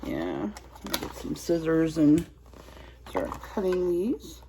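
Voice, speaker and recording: A woman's voice: sits low, huge pitch swings, takes it slowly, noisy background. A woman vlogger chatting casually while unboxing a toy, giggly and rambling.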